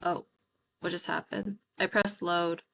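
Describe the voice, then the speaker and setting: A woman's voice: fairly low pitch, flat delivery, a little slow, creaky, a bit bright. A woman streamer reading a visual novel aloud while playing, reacting with gasps and apologies between lines.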